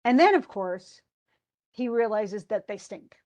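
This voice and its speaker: This college English instructor speaks unhurriedly, her medium-pitched, darkish voice lively in intonation. In her informal lecture she reads from a story and chats about the passages, often restarting and using lots of fillers.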